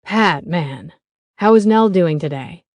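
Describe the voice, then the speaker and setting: A woman reading a relaxed young builder. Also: lowish voice, takes it slowly, dry recording.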